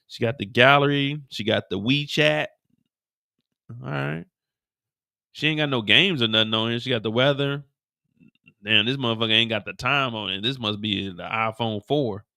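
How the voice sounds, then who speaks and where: A man casually recapping a TV episode, animated and profane, acting out the characters' lines as he goes. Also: on the low side, vocal fry. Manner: animated, profane storytelling with acted-out quotes. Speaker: show recap host.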